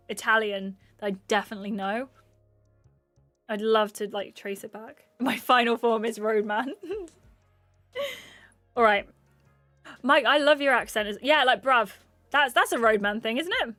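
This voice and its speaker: A woman's voice: fairly high pitch, fairly bright tone, dry recording. An English woman streaming casually, chatting with her viewers in a rambling way and laughing often. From England. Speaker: streamer reading chat. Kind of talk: casual livestream chat.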